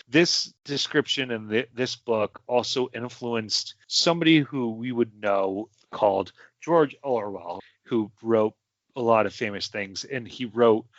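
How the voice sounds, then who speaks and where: A man's voice: lowish voice, a bit bright, no echo. A young man, a podcast host, telling history in a rambling casual way with many fillers and asides. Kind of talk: casual storytelling chat. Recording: dry, muffled home podcast mic.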